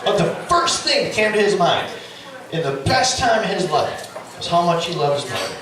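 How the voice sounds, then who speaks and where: A middle-aged man doing stand-up storytelling, animated and profane, with loud yelling bursts. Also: sits high, normal speed, background noise. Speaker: stand-up comedian. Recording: echoey club, distant mic, audience. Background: audience laughter.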